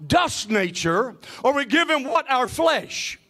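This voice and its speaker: High-voiced preaching man. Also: very animated, slow pace. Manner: call-and-response preaching, shouting and sing-song phrases. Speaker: pastor. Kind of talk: sermon.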